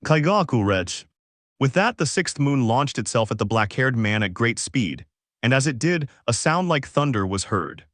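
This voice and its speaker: Man, fanfic narrator, scripted narration, flat even read, mid pitch, dry. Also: moderate pace, no echo.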